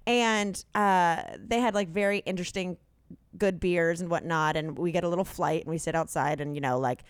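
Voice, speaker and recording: A woman's voice: on the low side, normal speed, smooth, no echo, studio quality. A woman in her thirties co-hosting a podcast, telling long rambling stories in casual chat with lots of fillers. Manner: chatty storyteller, rambling with many fillers. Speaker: podcast co-host.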